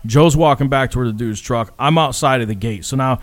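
A man's voice: medium pitch, fast, few pauses, dry recording. A man telling a story in casual chat, swearing freely and acting out what people said. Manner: profane, animated, acts out quotes. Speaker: podcast co-host telling a story.

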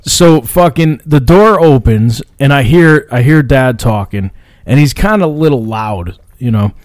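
A man's voice: mid-range voice, lively intonation, measured pace, no echo. A man casually telling a long, profane story among friends, with many stammered restarts and laughs along the way. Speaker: podcast co-host telling a story.

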